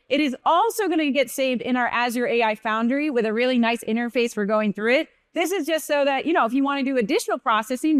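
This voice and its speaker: A woman's voice: high voice, clean tone, no room sound. A woman presenting a live coding demo at a developer conference, explaining casually with fillers and self-corrections. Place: conference stage.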